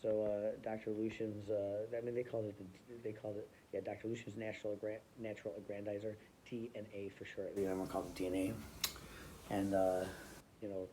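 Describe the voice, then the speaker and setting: Man, comic storyteller, lowish voice, rambling and loose, with a clear hiss of noise behind him. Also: little pitch movement, a little fast, dark tone, rough recording. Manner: loose, rambling, full of fillers and restarts.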